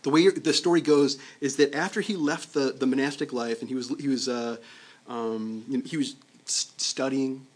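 A man's voice: medium pitch, fairly even intonation, moderate pace. Conversational male preacher giving a sermon. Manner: conversational, checks in with "okay?", repeats words. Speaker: pastor.

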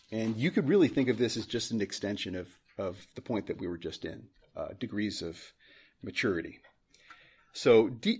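Earnest husky-voiced male pastor. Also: mid-range voice. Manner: earnest, repeats phrases for emphasis. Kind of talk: sermon. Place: church.

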